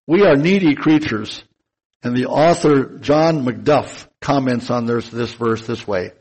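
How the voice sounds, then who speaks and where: Slow, husky-voiced man preaching. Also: mid-range voice, darkish tone, poor audio. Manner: slow and deliberate, stretching key words for emphasis. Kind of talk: sermon.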